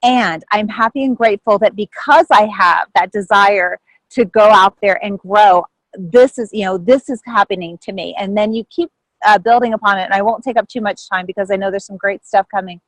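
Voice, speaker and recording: A woman telling a personal story on a video call, lively and animated, acting out what others said with big jumps in pitch. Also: moderate pace, dry recording, rough recording. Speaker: group member sharing a story.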